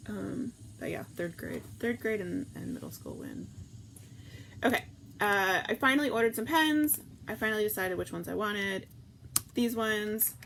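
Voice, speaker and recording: A woman hosting a casual morning livestream, rambling warmly about her favorite teachers and reading viewer comments aloud. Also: mid-range voice, animated, normal speed, creaky, slight background noise, low-quality recording.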